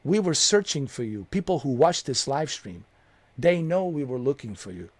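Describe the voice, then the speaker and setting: A man's voice: mid-range voice, very animated, moderate pace, dry recording. Man, angry streamer rant, profane, repetitive, dry close mic. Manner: heated, profane, repetitive, confrontational.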